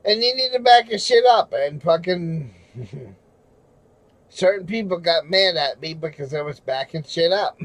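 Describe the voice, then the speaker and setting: A furious man ranting on a livestream, his voice pitched high for a man. He swears at nearly every turn and often breaks into shouting. The sound is dry and close, with almost no room in it. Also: animated, measured pace, no room sound, low-quality recording. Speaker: livestreamer and auditor. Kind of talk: angry livestream rant.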